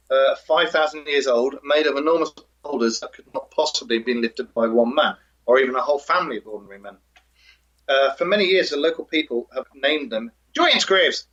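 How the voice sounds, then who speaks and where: A man's voice: fairly high pitch, a bit bright, husky. A male co-host of a live show, chatting and reading a folk tale with dry humor. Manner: dry, jokey storyteller. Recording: dull lo-fi audio.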